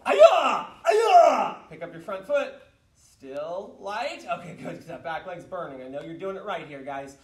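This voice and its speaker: A man leading an online martial arts class, explaining stances and shouting counts and drill commands. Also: fairly high pitch, animated, normal speed. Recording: roomy echo, mic far off.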